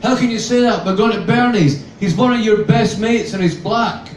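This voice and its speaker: A man's voice: high voice, normal speed, slight background noise, voice pushed up, close to an everyday voice. A whiny, sulky young woman protests in a raised voice, as a man puts her on. She sounds worn out and indignant. The reading is roomy and a little distant.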